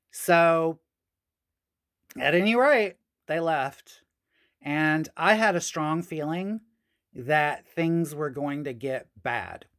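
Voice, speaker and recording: A woman telling a personal story on a podcast, frank and profane, with sassy asides. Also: low-pitched.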